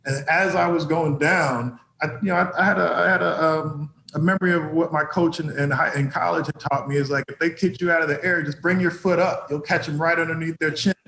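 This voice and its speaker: A man's voice: fairly high pitch, fairly even intonation, fairly quick, creaky, few pauses, bright, forceful tone, roomy sound. A former football player telling anecdotes in a casual interview, often laughing as he goes.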